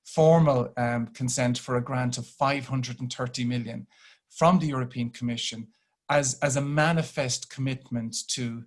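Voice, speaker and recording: A man's voice: mid-range voice, fairly even intonation, normal speed. An Irish man giving a webinar presentation over a video call, often restarting his phrases. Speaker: grid company chief executive. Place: home office on a video call.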